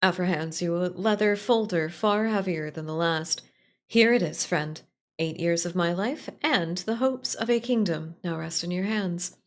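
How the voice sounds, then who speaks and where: A woman's voice: lowish voice, a little slow. A woman reading aloud as a female royal scholar who confides a plot to a friend, speaking fondly and wistfully. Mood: urgent.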